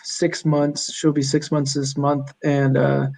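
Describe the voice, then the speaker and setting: A young man, a podcast guest, chatting casually and telling animated stories with lots of fillers. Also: a little high, slow pace, creaky, poor audio. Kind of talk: casual chat.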